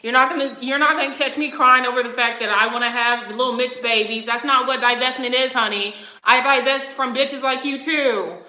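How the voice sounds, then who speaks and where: A woman in her twenties vents on her vlog, brash, profane and defiant as she answers comments. Her voice sits a little high and comes across tense and cutting. The room around her rings with echo. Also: sharp tone. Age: 20s. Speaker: vlogger answering viewer comments. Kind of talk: heated livestream rant. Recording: echoey room.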